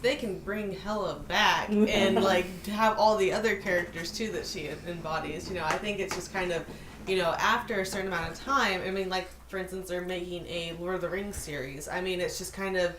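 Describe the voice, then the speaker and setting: A woman's voice: fairly low pitch, fairly even intonation, a little fast, crowd noise. Rambling woman podcast co-host, echoey room. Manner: rambling, many fillers and restarts. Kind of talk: casual chat.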